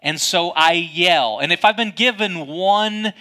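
A man preaching a sermon, telling a personal story with a loud, booming voice. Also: a little slow. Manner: storytelling, dramatic, self-mocking. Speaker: pastor.

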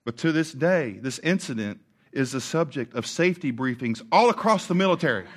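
A man preaching a sermon, telling a story about himself with lively humor and laughter. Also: mid-range voice, brisk. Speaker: pastor.

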